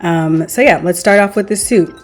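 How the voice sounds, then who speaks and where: A woman's voice: fairly low pitch, moderate pace, faint music behind, poor audio. A woman chatting casually as a home cooking vlogger, rambling along with frequent small laughs. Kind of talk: casual voice-over chat. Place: home kitchen. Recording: clear cooking noise behind.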